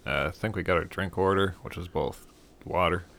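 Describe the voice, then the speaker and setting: A man's voice: sits low, brisk, creaky, fairly bright tone, slight background noise. A man, co-hosting a casual chat in a laid-back way. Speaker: co-host.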